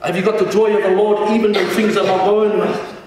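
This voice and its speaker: A man's voice: high voice, level tone, brisk, very echoey, big-room sound, far from the mic, background noise. A man preaching a sermon as senior pastor in a church, calling the congregation to respond and often restarting his words.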